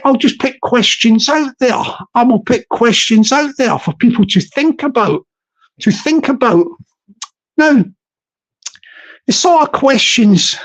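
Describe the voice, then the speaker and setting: A livestream host chats casually to viewers, rambling along and circling back to repeat phrases over and over. The voice sits at a middling pitch, and greetings to the chat come out effusive and drawn out.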